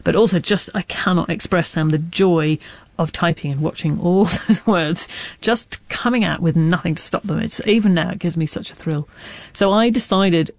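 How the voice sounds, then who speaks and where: A middle-aged woman author talks candidly in an interview, circling back with restarts and asides. She lives with a stammer, and her voice has a gravelly edge. The sound is dry and close. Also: fairly low pitch, normal speed, darkish tone, no echo. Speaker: author guest. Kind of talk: reflective interview talk.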